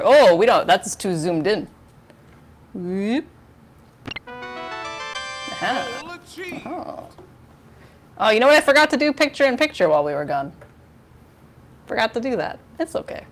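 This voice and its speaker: Speaking slowly with long pauses, a woman hosts a charity livestream from her home kitchen in an animated, mid-range voice. Her chat is casual, rambling, giggly, and self-deprecating, picked up on a lavalier mic with slight background noise.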